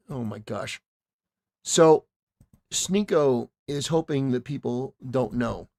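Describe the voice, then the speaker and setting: A man's voice: mid-range voice, takes it slowly, a little mellow. A man hosting a reaction commentary, talking back at a clip with mocking, indignant remarks. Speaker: commentary host.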